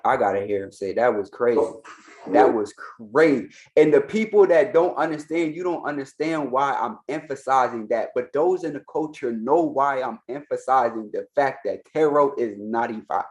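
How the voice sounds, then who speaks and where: A man's voice: medium pitch, moderate pace, darkish tone. A man, an Ifa priest, giving insistent reaction commentary and hammering his points home by repeating them.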